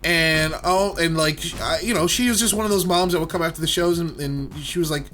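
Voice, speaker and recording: Male let's-play co-host, slightly high voice, casual rambling anecdote teller. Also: a little fast, fairly bright tone, faint music behind. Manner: rambling, filler-heavy anecdote. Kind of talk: casual storytelling while gaming.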